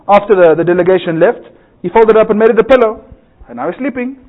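High-pitched guy preaching, jokey and laughing at his own bits, sounds tinny like a phone line. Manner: joking, rhetorical questions, laughs at own jokes. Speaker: maulana giving a bayan. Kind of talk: humorous sermon.

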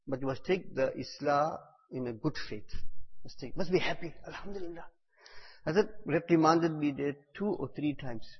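A man with a husky voice in a higher register gives a devotional talk, telling stories and repeating phrases for emphasis. His words ring out through a large hall with a long echo, and the recording sounds dull and lo-fi. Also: normal speed. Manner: storytelling, repeats phrases for emphasis, bursts loud on key words. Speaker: religious teacher.

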